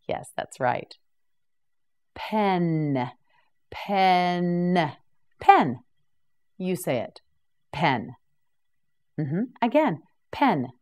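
A woman teaching English vocabulary to beginners, who says each word slowly and repeats it, with brief praise like "correct" and "well done". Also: lowish voice, darkish tone. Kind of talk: slow, clear vocabulary drill for beginners.

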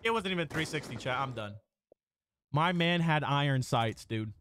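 A young man streaming a shooter game live, talking to his chat in excitable, profane trash talk. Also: on the high side, normal speed, a little hiss or hum. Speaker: gaming streamer. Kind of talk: live-stream gameplay commentary.

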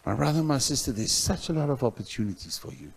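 A male pastor from South Africa preaching a sermon in a church, telling a story with loud outbursts that drop to soft asides. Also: mid-range voice, expressive, fast talker, gravelly, breathy edge.

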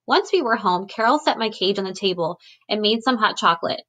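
A woman's voice: medium pitch, lively intonation, fairly quick. A woman teacher recapping the last chapter for her class, then reading a storybook aloud over her computer webcam. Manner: gentle classroom explaining before reading.

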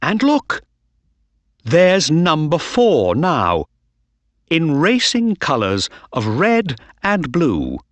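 A man playing an eager storybook companion whose voice jumps up high as he points things out. The sound is close and dry, and his delivery is slow. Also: huge pitch swings, no echo, heavily acted. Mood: helpful. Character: eager male companion of a detective, watching a race.

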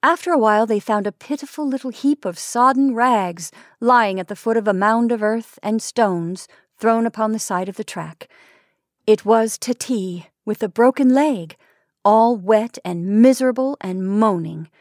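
A woman reading a classic short story aloud with a measured, expressive delivery. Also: on the high side, no echo, studio quality. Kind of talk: read-aloud story narration.

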